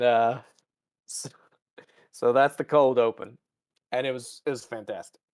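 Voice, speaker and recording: Man, podcast co-host, casual recap, mid-pitched, acts out characters. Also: no echo, clean studio sound. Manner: animated, acts out characters in quick voices. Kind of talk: casual chat recapping an episode.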